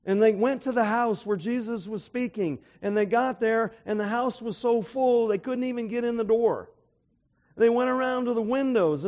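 Male preacher with a high voice, emphatic, keeps asking rhetorical questions; muffled lo-fi sound. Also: a little mellow. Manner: asks the audience rhetorical questions; emphatic, retells stories with acted-out voices. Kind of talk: sermon. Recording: dull lo-fi recording.

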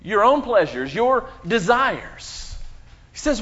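Man preaching with dramatic pauses. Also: lively intonation, a bit bright. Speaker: pastor. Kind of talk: sermon. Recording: muffled low-fidelity sound.

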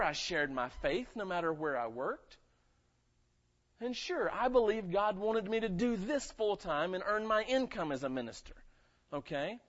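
A male pastor with a light Southern accent preaches in a chatty, personal way, often checking in with his listeners. His voice sits a little higher than most men's, and the recording sounds somewhat muffled and lo-fi. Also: expressive, moderate pace. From North Carolina. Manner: conversational preaching, calls for amens. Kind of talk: sermon.

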